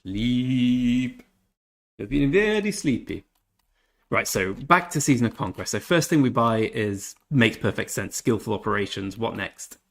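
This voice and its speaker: A chatty man hosts a gaming live stream, talking to his viewers in a relaxed, everyday way. He drifts between greeting people in chat and quietly thinking aloud. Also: on the low side, moderate pace, few pauses. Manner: chatty, reads chat aloud, mutters to himself. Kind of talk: casual live-stream commentary.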